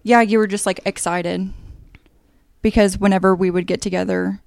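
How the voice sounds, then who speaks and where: A young woman co-hosting a podcast in a relaxed, agreeable way. Her voice is smooth and resonant with a gravelly fry, recorded close and dry. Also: medium pitch, moderate pace, no echo. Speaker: podcast co-host. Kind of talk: casual chat.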